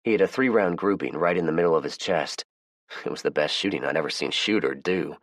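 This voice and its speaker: A man with a very deep voice reads a first-person audiobook in a measured, even manner. The sound is dry and close, with no room echo. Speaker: audiobook narrator.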